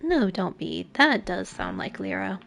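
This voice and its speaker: A woman voicing a calm, enigmatic female student at a magic school, composed and softly self-assured. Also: medium pitch, unhurried, gravelly, heavily acted.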